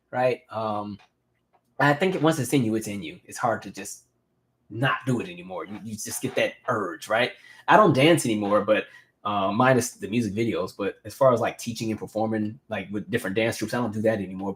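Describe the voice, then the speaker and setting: Animated man chatting on a live stream. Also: lowish voice. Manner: animated storytelling, reads viewer comments aloud. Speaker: host. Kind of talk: casual live-stream chat.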